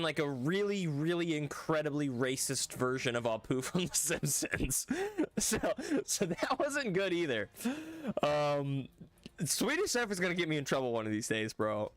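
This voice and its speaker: Laid-back rambling game streamer. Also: medium pitch. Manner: rambling and laid-back, lots of restarts and laughs. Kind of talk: casual livestream chat while gaming.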